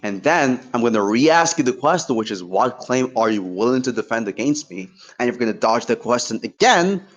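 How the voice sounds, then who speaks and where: Here is a man arguing in an online voice-chat debate at a rapid clip, his voice sitting at an ordinary middle pitch. He is combative and profane, mocking his opponent, yet he keeps walking through his points one at a time. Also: animated, highs cut off. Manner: combative, profane trash talk; lays out points step by step.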